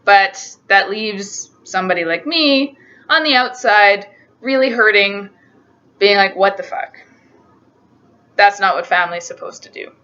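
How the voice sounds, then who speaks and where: A woman's voice: mid-range voice, lively intonation, a little slow, sharp tone. A young woman telling a personal story to camera in an earnest, emotional, searching way, on a dull lo-fi recording. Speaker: vlogger. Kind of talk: personal confessional vlog.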